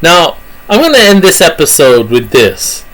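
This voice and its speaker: A man's voice: fairly high pitch, sing-song, normal speed, a bit bright, low-quality recording. A man with a British accent giving a jokey, rambling monologue about pictures on screen, full of fillers and self-corrections. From Britain.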